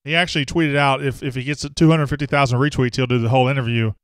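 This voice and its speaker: A man's voice: mid-range voice, steady tone, quick pace, clear, resonant tone, no room sound. A man hosting a casual live sports talk show, rambling and self-deprecating as he greets viewers by name.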